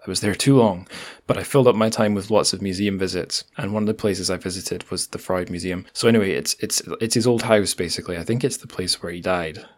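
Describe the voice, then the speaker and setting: A Scottish man hosting a podcast in an easygoing monologue, his voice sitting a little low. He rambles in a friendly way, trips over words and laughs off his own slips. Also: quick pace. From Scotland. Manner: chatty, self-deprecating, with frequent restarts and asides. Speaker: podcast host.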